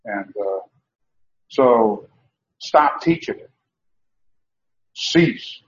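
A man's voice: mid-range voice, animated, very slow. A man preaching a sermon emphatically, repeating words and restarting as he drives his point home. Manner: emphatic, repetitive, with many restarts and fillers. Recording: dull, roomy sound.

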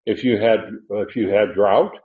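A man's voice: fairly low pitch, steady tone, measured pace. A man teaching scripture to a congregation, chatty and thinking aloud, stumbling over restarts and fillers. His voice comes through thin and phone-like, with an echo from the large room around him. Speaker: Bible teacher. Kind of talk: verse-by-verse Bible teaching. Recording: echoey room, phone-like narrow sound.

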